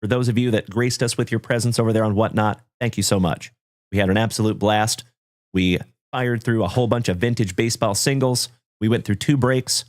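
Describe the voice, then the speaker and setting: A man's voice: lowish voice, fairly even intonation, fairly quick. Folksy upbeat male livestream host. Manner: folksy, upbeat, greets viewers by name. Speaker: card break livestream host. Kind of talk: livestream chat with viewers.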